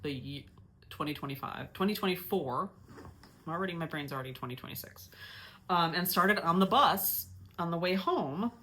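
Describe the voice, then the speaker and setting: Woman host, low-ish voice, casual self-mocking chatter with frequent restarts. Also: lively intonation, moderate pace, sharp tone. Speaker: knitting podcast host. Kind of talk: casual chat.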